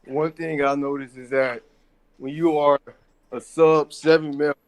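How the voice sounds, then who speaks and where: A man calling in to a live stream, speaking casually in plain, halting sentences. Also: on the high side, little pitch movement, no echo. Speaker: caller. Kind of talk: casual call-in chat.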